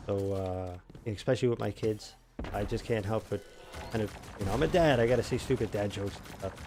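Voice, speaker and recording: Over a noisy background, a man with a fairly low voice streams a video game and talks a little fast. He chats casually with his viewers, rambling, poking fun at himself and using plenty of fillers.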